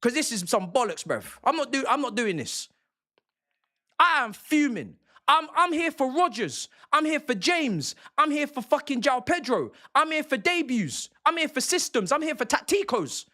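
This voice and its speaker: A man's voice: very high-pitched, very animated, normal speed, bright, forceful tone. A young man, a football streamer ranting angrily and with lots of swearing on a live stream. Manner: angry, profane, repetitive ranting.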